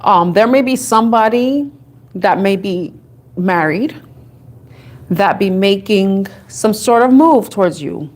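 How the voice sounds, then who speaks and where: A woman's voice: mid-range voice, lively intonation, takes it slowly, darkish tone. Chatty woman doing a tarot reading. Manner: chatty, giggly, thinks aloud. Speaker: tarot reader. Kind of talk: casual tarot reading to camera.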